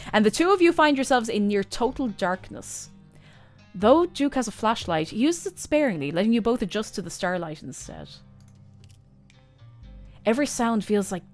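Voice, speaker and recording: A young woman streamer reading a story game's narration aloud in an expressive, animated way. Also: on the high side.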